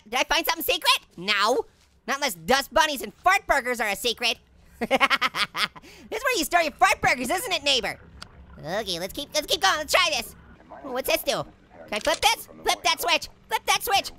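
A squeaky, very high and bright cartoon orange, played by a woman, chatters through a let's play commentary. The voice bounces all over the place, full of silly jokes and giggles at its own gags. It sounds like a hyper fruit having the time of its life. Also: big pitch swings, moderate pace, exaggerated voice. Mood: goofy. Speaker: gameplay commentator.

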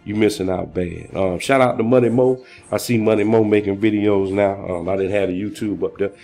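Slangy, excitable man with a low voice. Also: fairly quick, faint music behind. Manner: excitable, slangy, rambling shout-outs. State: out of breath. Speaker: crypto vlogger. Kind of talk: casual vlog monologue.

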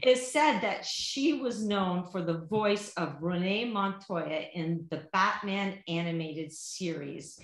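A woman from Vermont co-hosting a podcast, talking loudly and with animation. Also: fairly low pitch, takes it slowly, few pauses. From Vermont, USA. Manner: loud, projecting, animated. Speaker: podcast co-host. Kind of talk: casual chat. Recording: roomy echo.

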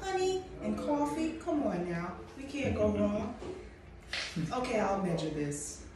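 A woman's voice: mid-range voice, very animated, a little slow. A woman chef hosting a cooking demonstration, chatty and encouraging as she talks straight to the viewer. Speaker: chef and host. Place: kitchen at a coffee company. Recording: echoey room, mic far off, background noise.

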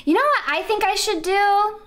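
High-voiced giggly young woman streamer. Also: animated, normal speed, fairly bright tone. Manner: giggly, rambling with fillers. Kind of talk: casual gameplay commentary.

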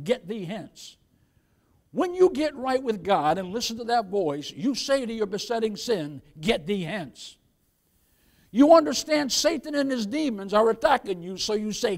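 A man preaching a sermon as pastor, calling out to the congregation with rising, emphatic lines. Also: high-pitched. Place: church.

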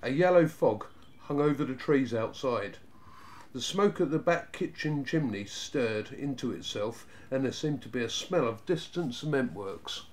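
A man narrating a children's storybook in a steady, even reading voice. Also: medium pitch, measured pace.

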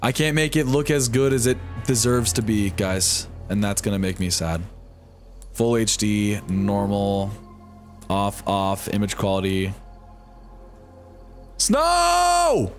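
A man's voice: on the low side, level tone, measured pace, soft background music. A young man streaming a game live from home, talking to his chat in a flustered, swearing way. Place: home room with computer.

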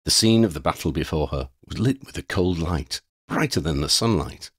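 A man narrating an audiobook, reading steadily with expressive storytelling. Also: low-pitched, normal speed, husky, no echo, clean studio sound. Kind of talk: scripted narration.

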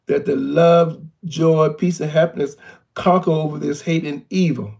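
Halting, gravelly older man. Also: on the high side, fairly even intonation, a little mellow, far from the mic. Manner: halting, repeats words, preachy. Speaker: co-host uncle. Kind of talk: casual chat.

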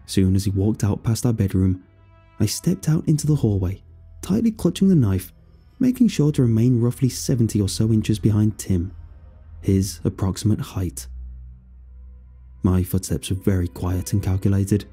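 A man reading a horror story aloud in a measured, scripted storytelling manner. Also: fairly low pitch, expressive, dark tone, husky. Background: faint music.

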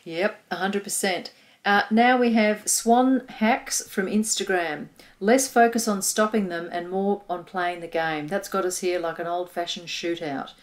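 A woman's voice: mid-range voice, fairly even intonation, a little slow. An Australian woman co-hosting a casual podcast, enthusiastic and agreeable as she reads listener comments. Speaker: podcast co-host.

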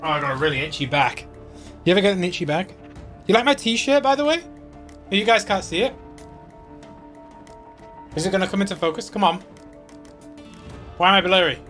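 A man's voice: sits high, brisk, pauses often, sharp tone, faint music behind. Chatty man commenting on his gameplay. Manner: chatty and self-mocking, talks to viewers. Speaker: let's play host.

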